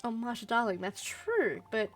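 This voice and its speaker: A woman's voice: a little high, sing-song, moderate pace. A woman voicing an elegant widow in a video game, gracious on the surface and sarcastic underneath. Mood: needling. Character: elegant widowed woman, sweetly cutting and proud.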